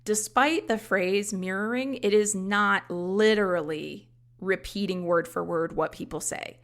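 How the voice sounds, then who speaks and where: A woman talks through lessons in an instructional podcast, conversational and explanatory. Her voice has a gravelly, fry-tinged edge at a middle pitch. She often drops in casual asides as she teaches. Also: a little slow. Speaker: life coach trainer and podcast host.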